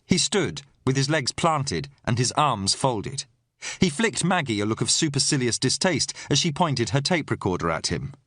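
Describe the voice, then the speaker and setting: Male audiobook narrator, mid pitch, animated delivery, dry studio read. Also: normal speed, no echo. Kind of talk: scripted first-person audiobook narration.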